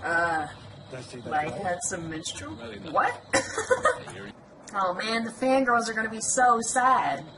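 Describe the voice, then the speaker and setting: In a slow, very animated, fairly high voice, a young woman playfully teases and laughs her way through a video game. The home recording of this let's play has noticeable background noise.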